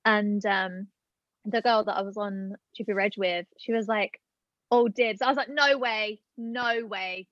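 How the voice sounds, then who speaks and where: A young British woman, a podcast guest, tells a story in casual chat using a medium-pitched voice with fairly even intonation and an unhurried pace. Her talk is chatty and full of "like" and "um," and the dry, dull lo-fi recording has no room sound.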